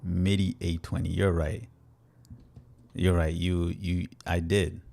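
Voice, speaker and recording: A man's voice: low voice, slow, gravelly. A young man hosting a casual crypto livestream, chatty and playful as he answers viewers. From Canada. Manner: energetic, chatty, playful with viewers, laughs often.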